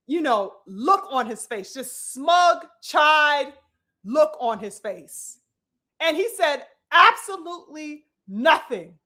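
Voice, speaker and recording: Woman live-stream boxing commentator, high bright voice, animated and profane. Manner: animated, profane, addresses viewers as brothers and sisters.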